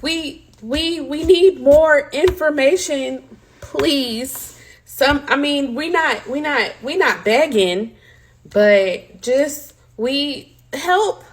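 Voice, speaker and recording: A woman chatting casually in a halting, pleading way. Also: high-pitched, a little hiss or hum, rough recording. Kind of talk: casual chat.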